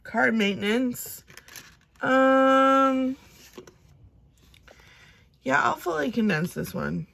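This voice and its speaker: A young woman chatting casually as she counts and sorts cash, talking to herself now and then and dropping into soft whispers. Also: high-pitched, expressive, very slow, creaky, long pauses. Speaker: budgeting vlogger.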